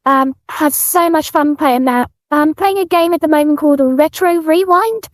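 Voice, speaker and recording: British woman streamer, high and dry voice. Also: moderate pace, no echo. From Britain. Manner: earnest, thankful, with fillers. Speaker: streamer guest. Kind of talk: casual interview chat.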